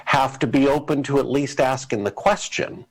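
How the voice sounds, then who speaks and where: Male panelist, mid pitch, talks it through casually. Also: fairly even intonation, normal speed, low-quality recording. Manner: conversational, thinks aloud with fillers. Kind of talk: panel discussion.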